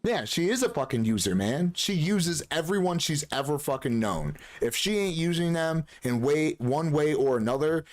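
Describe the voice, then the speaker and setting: While live-streaming a game, this man goes on heated, profanity-laden rants in a casual tone. At times he imitates others in a shrill, mocking voice.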